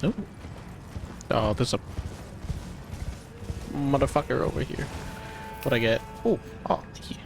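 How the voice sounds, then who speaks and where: A man's voice: medium pitch, unhurried, vocal fry, long pauses, over music. A man streaming a game live, thinking aloud in a loose, profane way. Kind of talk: live gameplay commentary.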